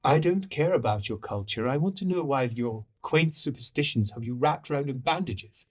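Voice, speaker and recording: A man's voice: mid-range voice, expressive, moderate pace, lightly acted. A man voicing a flamboyant, elegant male stranger who mocks and sneers. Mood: scornful.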